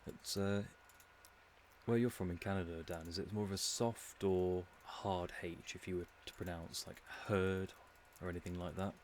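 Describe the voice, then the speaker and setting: A man's voice: low voice, fairly even intonation, moderate pace, a little mellow, a little hiss or hum. An English man streaming a game, musing and rambling in a casual commentary with dry humour. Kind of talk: casual commentary while playing.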